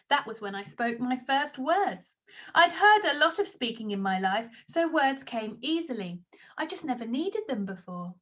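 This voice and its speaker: Woman storyteller, high, lively voice, expressive storybook reading. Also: moderate pace. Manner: expressive first-person narration.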